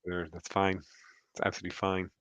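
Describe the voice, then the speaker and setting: An Irish man with a fairly low voice tells a meandering personal story in a relaxed, chatty way. The recording is dry and close, with no room sound. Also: fast talker, smooth, dry recording, dull audio. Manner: rambling anecdotal storyteller. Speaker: podcast co-host on a charity stream. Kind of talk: casual storytelling. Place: home.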